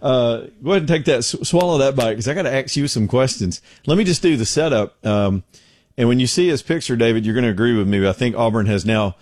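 A man's voice: on the low side, darkish tone, no room sound. A middle-aged man hosting a talk show from his home studio, telling stories in a folksy, joking way. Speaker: radio show host. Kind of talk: casual talk show chat.

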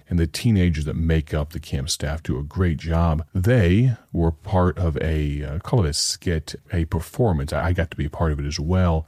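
A man's voice: rumbling low, mellow, breathy edge, dry recording, clean studio sound. A man introducing a recorded sermon on his broadcast, telling the story behind it in an earnest, conversational way. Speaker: radio preacher.

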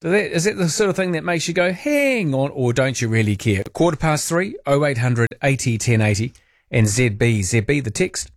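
A man's voice: mid-range voice, animated, a little fast, dry recording, studio quality. Wry New Zealand radio host man. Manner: chatty, wry, asks listeners questions. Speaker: overnight talk radio host. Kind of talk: casual radio chat. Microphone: studio microphone.

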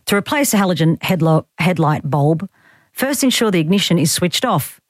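A woman's voice: lowish voice, animated, normal speed, no room sound. Playful woman radio host, dry sound. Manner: playful and teasing, laughs often. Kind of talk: radio talk show hosting. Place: radio studio. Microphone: studio microphone.

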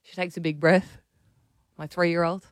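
A woman's voice: fairly low pitch, measured pace, no room sound, clean studio sound. Woman, chatty radio co-host. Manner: animated storyteller, laughs often. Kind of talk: casual radio chat.

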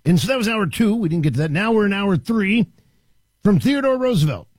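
A man hosting a talk radio show from a studio, delivering an animated, emphatic monologue with frequent restarts. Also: sits high, brisk, husky, no echo.

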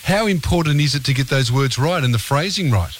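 A man's voice: mid-range voice, expressive, brisk, a little hiss or hum. A man with an Australian accent hosting a radio interview, rambling and hesitant with many fillers. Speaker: radio host.

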